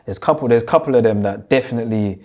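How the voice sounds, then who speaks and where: A man's voice: medium pitch, racing, darkish tone. Laid-back London-Jamaican young man. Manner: laid-back street slang, lots of "you get me". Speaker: guest. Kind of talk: casual interview, storytelling.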